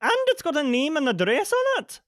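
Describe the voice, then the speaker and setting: A man voicing an excited, fussy woman nanny in a storybook reading, in a shrill, breathless manner. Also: fairly quick, no room sound, clean studio sound, full character voice.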